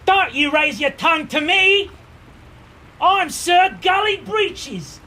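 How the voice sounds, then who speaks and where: A man voicing a pompous, blustering male knight who shouts indignantly in a high voice. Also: expressive, slow pace, slight background noise, heavily acted.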